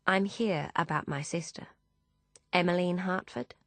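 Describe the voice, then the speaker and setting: A woman's voice: fairly low pitch, steady tone, measured pace, fairly bright tone, no room sound. A woman voicing an anxious, well-bred young English woman who speaks urgently and with command.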